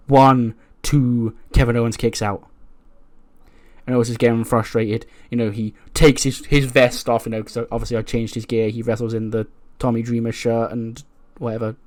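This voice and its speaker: A man's voice: mid-range voice, flat delivery, normal speed, no echo. Guy chatting through a wrestling game recap, loose and casual, lots of like and you know. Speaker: let's play host.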